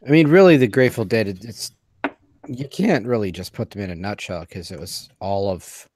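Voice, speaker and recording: A man with a fairly low voice, thinking aloud in a rambling, hesitant way with restarts. The recording is dry and close. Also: normal speed, a little mellow, no room sound. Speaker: podcast co-host. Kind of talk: casual chat.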